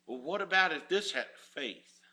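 A man's voice: a little high, lively intonation, normal speed, pushed and bright. A man preaching a sermon as pastor, folksy and rising in fervor.

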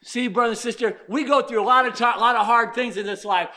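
Folksy preacher, male, fervent delivery, bright, pushing tone. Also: very high voice, quick pace, few pauses. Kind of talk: sermon.

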